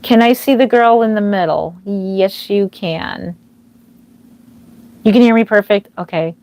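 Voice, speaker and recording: This woman's voice is medium in pitch, somewhat dark in tone and a little slow. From her home nursery she livestreams as a reborn doll artist on a worn microphone, chatting, naming viewers to thank them, filling gaps with fillers, her throat slightly dry.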